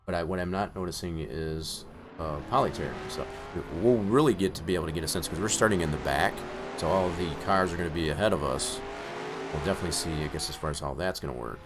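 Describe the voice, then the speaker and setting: A man commenting on his own sim-racing session in a live stream, with excitable outbursts and rambling asides. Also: low voice, fast, noisy background.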